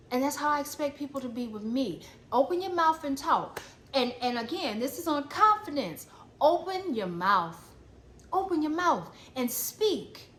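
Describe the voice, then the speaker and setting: A woman talks in a high, bright register, delivering a blunt, emphatic spiritual pep talk. She repeats her points for weight and drops casual curses. The room around her is echoey with a faint hum of ambience. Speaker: spiritual coach.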